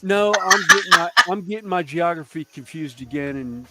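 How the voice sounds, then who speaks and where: A man's voice: on the high side, lively intonation, moderate pace, a loud crowd. A man in his fifties from the United States chatting casually in a group, rambling, swearing freely and laughing often. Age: 50s.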